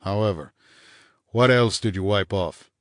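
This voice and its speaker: A man voicing a bitter, menacing husband in an audiobook, snarling low and clipped with contempt. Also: unhurried, no echo, clean studio sound, lightly acted. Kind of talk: audiobook character voice.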